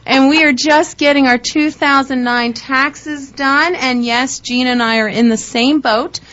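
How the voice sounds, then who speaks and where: A bubbly woman co-hosts a casual chat show and laughs often. Her voice sits fairly high. The recording sounds dull and lo-fi. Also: steady tone, measured pace, fairly bright tone. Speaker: co-host.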